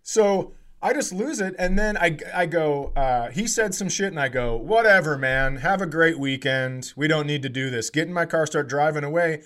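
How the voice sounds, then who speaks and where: A man in his forties, a comedian telling a story in casual chat, swearing and getting animated as he acts out a heated argument. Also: fairly high pitch, moderate pace, few pauses. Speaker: comedian podcast co-host.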